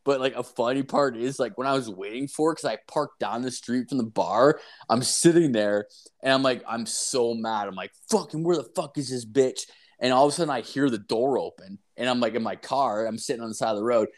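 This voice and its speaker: A man's voice: mid-range voice, fast. A young man in casual chat, rambling through a story with constant swearing and filler words.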